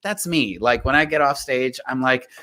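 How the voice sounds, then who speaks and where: A man co-hosting a casual live-stream chat, talking in a soft, hesitant, self-deprecating way. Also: mid-range voice, normal speed. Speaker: co-host.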